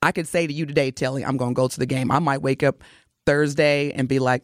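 A woman co-hosting a radio show in casual banter, expressive and playful, recorded on a studio microphone. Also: a bass voice, quick pace, dry recording. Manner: expressive, playful, bursts into exclamations. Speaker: radio co-host.

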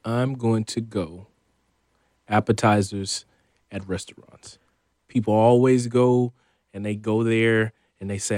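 A man's voice: lowish voice, steady tone, slow, pauses often, a little mellow, no room sound, clean studio sound. A man, a sports reporter, chatting as a guest on a talk show in an easygoing, sometimes hesitant way. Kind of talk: casual chat.

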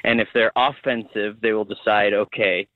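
A young man calling in to a radio talk show, halting and searching for words as he explains. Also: lowish voice, little pitch movement, no room sound. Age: young adult. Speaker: caller. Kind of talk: call-in radio chat. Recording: tinny phone line.

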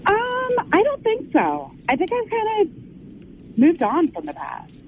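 A woman's voice: extremely high pitch, huge pitch swings, unhurried, slight background noise. A woman calling into a radio show, giving hesitant, thoughtful answers over the phone. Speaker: caller. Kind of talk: phone-in tarot reading. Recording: tinny phone line.

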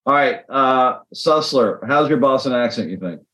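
A man's voice: medium pitch, lively intonation, normal speed, fairly bright tone, low-quality recording. A man co-hosting a radio podcast, chatting casually in a loose, rambling way with many fillers. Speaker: podcast co-host. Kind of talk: casual chat.

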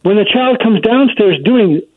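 A man's voice: high-pitched, lively intonation, unhurried, husky, dry recording. A man speaking as a child psychology expert guest, explaining his points emphatically in an interview. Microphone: phone. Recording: dry tinny phone line.

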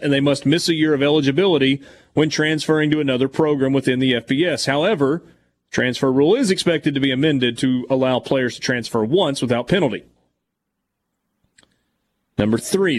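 A man hosting a sports talk show who reads news passages aloud and then adds casual comments. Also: medium pitch. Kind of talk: reading news and discussing on air.

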